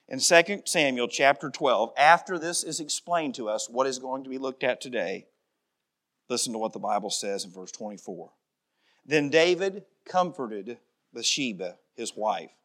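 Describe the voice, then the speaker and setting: A middle-aged man preaching a sermon as pastor, emphatic, dropping to a soft voice in prayer. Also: medium pitch.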